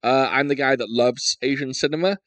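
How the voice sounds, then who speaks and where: A man's voice: medium pitch, brisk, a bit bright, dry recording. Jokey, rambling man hosting a podcast. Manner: jokey, rambling, lots of fillers. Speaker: podcast host. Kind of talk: casual podcast chat.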